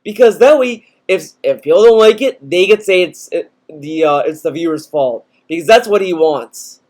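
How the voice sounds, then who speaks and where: A man's voice: sits high, expressive, normal speed, a little mellow. A man ranting sarcastically in a video commentary, full of fillers and mocking asides. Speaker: commentary youtuber.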